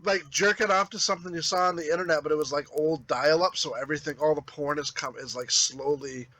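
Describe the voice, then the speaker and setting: A man's voice: a little high, fairly even intonation, quick pace, bright, forceful tone, poor audio. A man co-hosting a podcast, telling rambling party anecdotes with frequent restarts. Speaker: podcast co-host. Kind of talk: casual storytelling.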